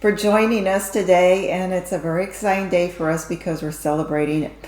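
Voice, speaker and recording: A woman's voice: on the low side, fairly even intonation, fairly quick, reverberant, background noise. A woman co-hosting a stitching show, chatting earnestly with many fillers and thanks. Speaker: co-host. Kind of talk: casual chat.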